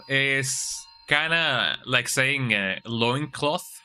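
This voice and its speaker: A man from Mexico speaks while he streams a game, and his voice is very bright and cutting. He rambles and cracks crude jokes as he works out where to go next. A faint noise sits under the voice. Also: on the low side, animated, normal speed. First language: Spanish. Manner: rambling, crude joking, thinking aloud. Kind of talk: live game commentary.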